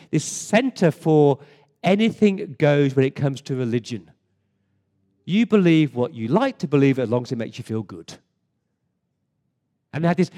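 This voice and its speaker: A man's voice: a little high, a little mellow, long reverb tail. An English man preaching a sermon in a church, emphatic, with rhetorical questions and frequent word repeats. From England. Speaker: pastor. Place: church service.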